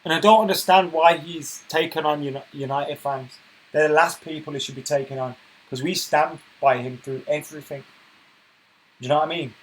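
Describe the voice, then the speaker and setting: A man hosting a casual football live stream, chatting and reading viewer comments aloud, getting loud and worked up when he rants. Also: on the high side, fairly even intonation, fairly quick, low-quality recording. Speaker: football channel host reading live chat.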